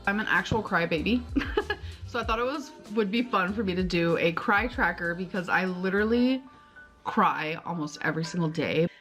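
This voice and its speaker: A woman's voice: on the low side, normal speed, a bit bright, faint music behind. A woman in a casual vlog, talking in a chatty, candid way.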